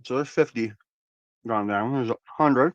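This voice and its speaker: A man's voice: medium pitch, unhurried, no room sound, dull audio. A man hosting a cannabis channel, chatting casually with viewers in a laid-back, rambling way, often repeating words and swearing freely. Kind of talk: casual livestream chat with viewers.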